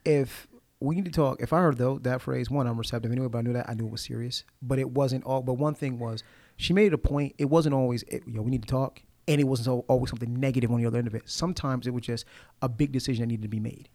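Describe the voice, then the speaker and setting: A man who talks quickly in a gravelly voice, lively and expressive. He often restarts his sentences and acts out what other people said. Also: mid-range voice. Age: adult, formerly married nine years. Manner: animated, acts out quoted lines. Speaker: guest poet. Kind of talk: casual conversation.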